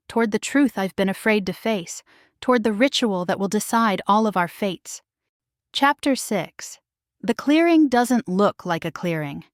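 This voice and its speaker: A woman narrates a first-person romance story slowly and dramatically, in a middle register. The voice is recorded dry and close, with nothing behind it. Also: mid-range voice, dry recording.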